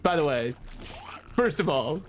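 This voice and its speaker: A man's voice: fairly high pitch, animated, unhurried, a little hiss or hum. Joking, profane man streaming a game. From United States. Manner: joking, rambling, swears a lot. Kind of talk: casual gameplay commentary.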